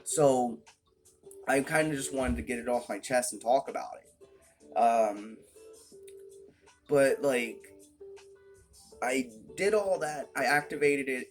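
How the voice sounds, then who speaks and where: A young man rants to his camera in a loose, casual vlog, swearing at almost every turn and doubling back over his own words. His voice sits at an ordinary pitch for a man, with faint music playing underneath. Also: slow pace, pauses often. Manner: frustrated, swears constantly, rambling with restarts. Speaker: vlogger. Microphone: phone or webcam at close range.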